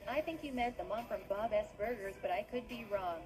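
A woman's voice: a little high, brisk, over music, rough recording. Synthetic woman's voice reading chat. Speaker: text-to-speech reading chat messages.

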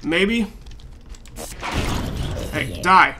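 A man giving gameplay commentary, swearing a lot and flaring into loud frustrated outbursts. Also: on the high side, normal speed, long pauses, very noisy. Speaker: let's play gamer.

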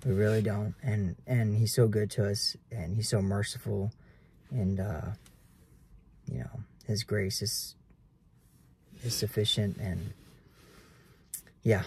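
A man's voice: lowish voice, fairly even intonation, slow pace, pauses often, a little mellow, slight background noise. A man in his twenties preaching earnestly to camera in casual talk, keeps calling viewers guys. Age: 20s. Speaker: realtor vlogger.

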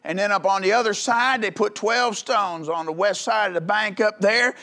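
A pastor in a church delivers a folksy, conversational sermon, peppering it with quick rhetorical questions. His voice sits high for a man and rings bright and forceful, swelling into loud, urgent calls. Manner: rises to loud calls in the climaxes.

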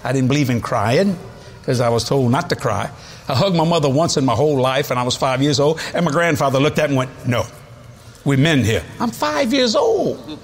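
A man's voice: mid-range voice, fast. A man, preaching a sermon in a folksy, storytelling way with chuckles. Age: 70s. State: has a cold.

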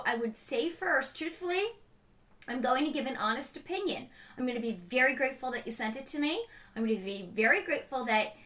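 A middle-aged woman rambles in a casual vlog, frank and emotional as she talks. Her voice sits a little high and sounds bright and clear. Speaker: beauty vlogger, mother. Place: home.

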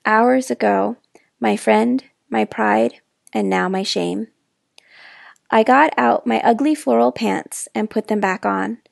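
A woman reading a children's novel aloud in expressive first person, with dramatic hushed moments, close to the mic. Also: on the high side, takes it slowly, creaky, no room sound. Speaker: storyteller. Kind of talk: children's book read-aloud.

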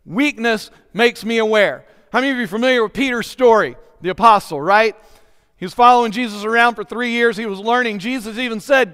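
A man with a fairly high, smooth and resonant voice delivers an earnest sermon, putting questions straight to his congregation. His words ring out with a long hall reverb in a church. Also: brisk, a bit bright. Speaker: pastor. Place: church sanctuary.

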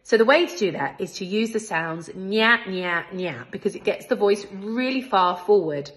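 A woman's voice: medium pitch, lively intonation, normal speed, fairly bright tone. A woman with a British accent, a singing teacher and choir director, explaining vocal technique step by step in a friendly, encouraging way. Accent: British English. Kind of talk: vocal technique lesson with sung demonstrations.

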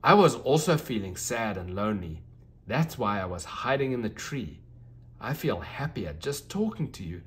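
A man voicing an excited, shy little girl in a children's storybook reading, high and eager. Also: normal speed. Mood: warm.

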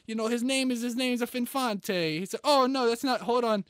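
A man chats on a video call in character as a rambling, boastful Italian chef, faking an Italian-American accent and clearly pleased with himself as he lists foods. It's comedic improv; his voice is very high and a bit bright at normal speed, recorded clean in a studio with no room sound.

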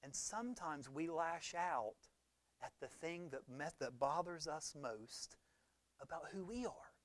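A man, preaching a conversational sermon that swings between loud emphasis and quiet low talk. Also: animated, a little slow, dry recording. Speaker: pastor.

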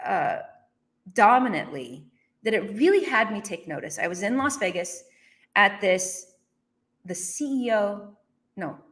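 A woman in her thirties or forties tells a motivational business story at an ordinary pitch. She talks in a lively way and acts out her own past reactions, slipping into brief laughs as she does. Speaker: business speaker.

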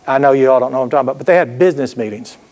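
A man's voice: medium pitch, very fast, darkish tone. A man preaching a sermon, telling folksy stories and throwing call-and-response asides to the congregation. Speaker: pastor.

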